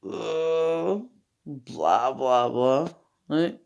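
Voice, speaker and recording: Scottish woman, blunt and sweary, slow gravelly home karaoke over backing music. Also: sits low, expressive, darkish tone. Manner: sweary, blunt, self-mocking. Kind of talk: karaoke singing at home with chat. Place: home, sitting on a couch.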